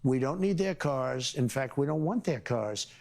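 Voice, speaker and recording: A man's voice: medium pitch, lively intonation, normal speed, gravelly, darkish tone. A man answering interview questions as president, in boastful, repetitive, rambling short phrases.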